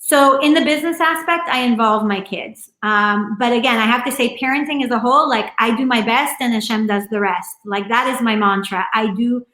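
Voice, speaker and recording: A middle-aged woman speaking as an interview guest from her home, earnest and rambling, with plenty of fillers and restarts. Her voice sits a bit high. The room gives it a noticeable echo. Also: brisk, few pauses, sharp tone. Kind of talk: casual conversational interview.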